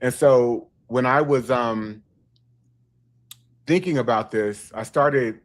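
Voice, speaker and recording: A man hosting a livestream discussion, speaking in a deliberate, analytical way with clinical wording, heard over a video call. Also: mid-range voice. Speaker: host and author.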